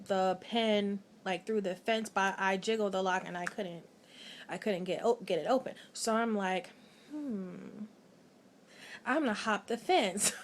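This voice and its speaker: A tired woman telling a personal story late at night, in a chatty, animated way with lots of filler words. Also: mid-range voice, a little hiss or hum. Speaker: vlogger.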